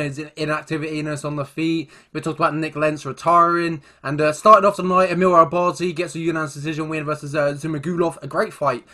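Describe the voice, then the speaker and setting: A man co-hosting a casual fight recap podcast, rambling with lots of fillers and sudden excited bursts. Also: fairly high pitch. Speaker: podcast co-host.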